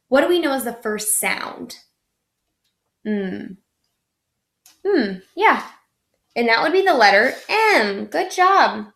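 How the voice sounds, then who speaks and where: A young woman teaching young children a phonics lesson, slow and encouraging, stretching out each sound. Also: a little high, fairly bright tone, reverberant.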